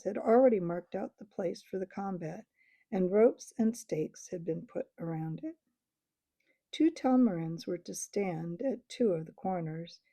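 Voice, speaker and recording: Woman reading a kids book aloud, gravelly mellow voice, pretty expressive. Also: fairly low pitch, dry recording. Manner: expressive, varied voices for characters. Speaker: audiobook reader. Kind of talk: storybook read-aloud.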